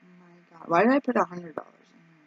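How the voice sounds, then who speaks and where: A woman vlogging casually as she works through her budget out loud, anxious and rambling, with frequent ums and exclamations. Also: on the low side, animated, racing, highs cut off. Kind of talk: casual vlog, thinking aloud over budget.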